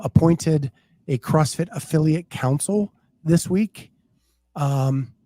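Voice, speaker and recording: A man hosting a casual podcast, chatting in an unhurried way and reading out names and places. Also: medium pitch, dark tone, no echo. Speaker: podcast host. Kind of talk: casual chat.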